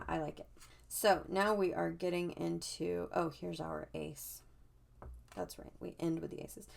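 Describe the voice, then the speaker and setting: A woman's voice: lowish voice, gravelly. A woman tarot reader chatting casually as she reviews a deck, musing aloud and often restarting her sentences. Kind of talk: casual chat.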